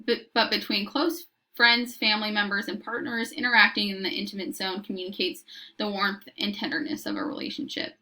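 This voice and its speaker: Woman lecturer, bright and slightly high voice, measured and explanatory delivery. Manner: measured, explanatory, occasional restarts. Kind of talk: recorded lecture.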